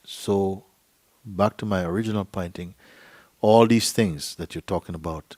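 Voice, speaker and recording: A man's voice: low voice, a little slow, darkish tone, no room sound. A man giving a spiritual talk to a gathering. He talks playfully, acts out little dialogues and laughs often. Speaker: spiritual teacher. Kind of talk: satsang talk. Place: meeting hall.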